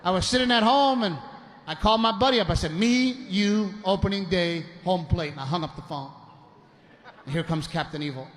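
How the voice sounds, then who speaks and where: A man's voice: high voice, brisk. A man doing a stand-up routine, telling exasperated stories about his wife and family. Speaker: stand-up comedian. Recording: noisy live club recording.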